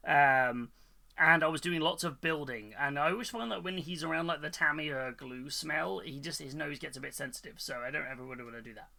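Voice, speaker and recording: A man's voice: on the high side, vocal fry, sharp tone. A man chatting casually on a live stream, rambling, reading out chat and telling corny jokes.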